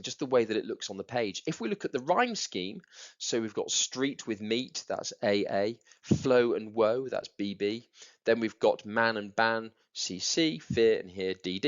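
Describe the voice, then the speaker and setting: On a muffled recording, a male teacher with a mid-range voice explains a poem to students. He emphasizes words by repeating them and taps out the rhythms.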